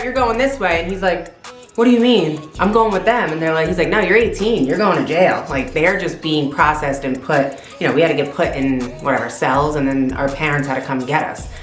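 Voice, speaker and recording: Female vlogger, animated storyteller with a loose, profane delivery; roomy recording with faint music. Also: fairly low pitch, fairly quick. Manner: animated, swears freely. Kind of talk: casual storytelling.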